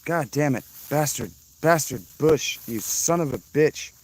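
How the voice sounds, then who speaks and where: A man's voice: fairly high pitch, a little slow. A man chatting casually on a live stream at an outdoor campsite, rambling, swearing freely and greeting chat viewers.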